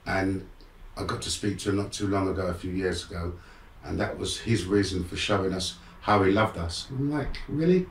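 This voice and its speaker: Distant and echoey, with slight background noise, this low-pitched male voice moves at a normal speed. The speaker is a middle-aged guest, a motivational speaker, frankly recounting his own life in streetwise terms and getting animated as he acts out scenes.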